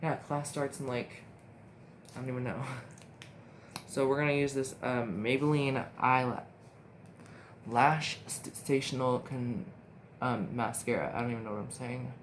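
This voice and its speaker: Recording on a phone camera, a young makeup vlogger chats unhurriedly through a tutorial, leaving long pauses. He rambles, gets excited easily, and often mutters to himself in a middling pitch, with steady background hiss throughout.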